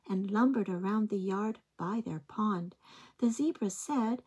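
A woman reading picture books aloud to young children in a slow, gentle, expressive way. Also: mid-range voice, breathy edge. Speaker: early-years storytime reader.

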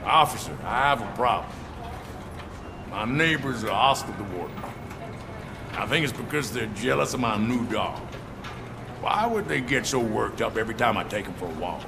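Naive citizen, gravelly and lively, noisy game audio. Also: male voice, mid-range voice, normal speed, pauses often. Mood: earnest. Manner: chatty and earnest. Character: odd, naive male citizen complaining to police.

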